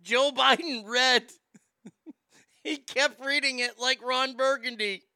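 A man's voice: extremely high pitch, steady tone, takes it slowly, sharp tone, clear, resonant tone. A man hosting a casual comedic talk show, laughing often and telling crude jokes. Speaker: host.

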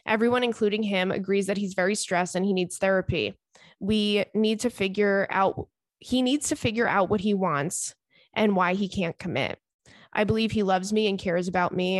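A woman host speaks close to a dry, unechoing microphone. Her voice sits at an ordinary mid pitch. She reads a listener's letter aloud and then answers it in an earnest, chatty way, with plenty of fillers along the way. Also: no echo. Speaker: podcast host giving advice.

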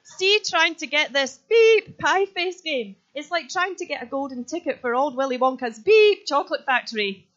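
A man's voice: extremely high pitch, animated, moderate pace, few pauses, fairly bright tone, highs cut off, pitched above the performer's own voice. A woman voicing an exasperated Scottish man with an exaggerated, comic complaint. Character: exasperated Scottish man ranting about a sold-out toy.

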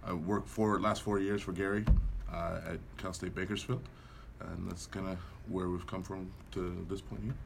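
A man coaching at a college, talking casually on a panel with a hoarse voice he has lost over the weekend. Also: sits low, flat delivery, moderate pace, hardly any pauses, noisy background. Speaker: coach, podcast panel guest.

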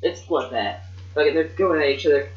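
A woman hosting a podcast, talking casually and excitedly about booking wrestling matches, swearing freely. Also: low voice, a little fast. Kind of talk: casual chat. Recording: muffled, echoey room.

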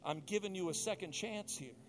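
A man voicing God as a calm, fatherly figure who asks probing questions in casual street talk. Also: high voice, brisk. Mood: earnest.

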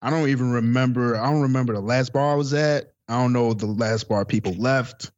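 A man's voice: mid-range voice, a little fast, darkish tone, muffled recording. A man co-hosting a podcast, easygoing and rambling in casual chat. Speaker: podcast co-host.

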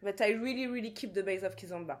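A woman from Martinique, a guest on a casual podcast, speaking in halting English and searching for words. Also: mid-range voice. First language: French. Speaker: guest, dancer.

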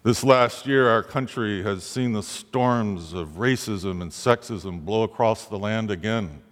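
A man preaching a sermon, dramatic, his voice rising sharply on the pleading questions he voices. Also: a little slow. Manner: dramatic, rising pitch on quoted pleas. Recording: long hall reverb.

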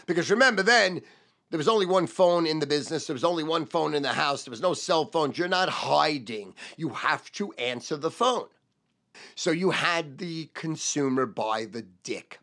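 A middle-aged man, a sales trainer giving a profane motivational rant and shouting repeated keywords. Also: on the high side, lively intonation, normal speed.

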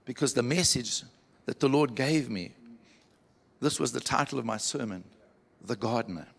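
A man preaching to a church, telling a story with animated quoted voices. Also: medium pitch, normal speed, gravelly. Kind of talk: sermon storytelling.

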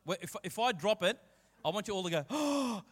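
A man's voice: high-pitched, quick pace, a bit bright. A man preaching a sermon to a church with playful jokes and exuberant asides. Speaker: guest preacher. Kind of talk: sermon with banter. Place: church hall. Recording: long church-hall reverb.

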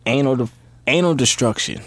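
A man's voice: mid-range voice, brisk, a bit bright, no room sound. A man in casual chat, laid-back and profane, often stammering and restarting.

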